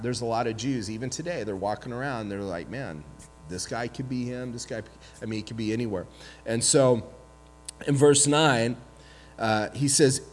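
A man preaching a sermon as pastor, retelling scripture with lively, humorous asides and acted-out voices. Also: mid-range voice, slight background noise. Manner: animated storytelling, acts out voices with humor. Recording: long hall reverb.

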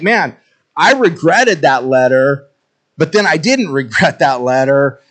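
A man's voice: mid-range voice, low-quality recording. A man preaching a casual, conversational sermon, reading scripture and acting out stories with quoted voices. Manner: storytelling, acts out quoted voices. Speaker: pastor.

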